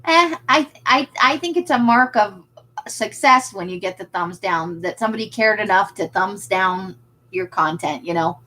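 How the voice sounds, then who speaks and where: A woman's voice: medium pitch, animated, moderate pace, sharp tone, poor audio. A woman who runs a craft shop, hosting a casual livestream and chatting with viewers. She is self-deprecating and laughs often.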